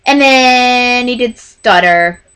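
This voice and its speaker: A woman in her twenties telling a rambling, excitable storytime to camera in casual chat. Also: a little high, slow, clear, resonant tone. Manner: rambling, excitable, gushing fan. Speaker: vlogger.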